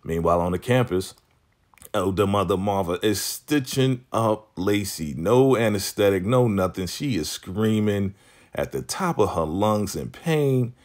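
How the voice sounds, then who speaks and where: Deep-voiced man recapping a TV episode. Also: unhurried. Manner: animated storytelling, acts out quotes. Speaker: TV recap vlogger.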